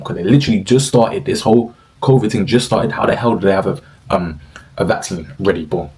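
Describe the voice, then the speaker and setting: A man's voice: sits low, a little fast, darkish tone, rough recording. A young man giving slangy, profane, exclaiming commentary in a casual rant.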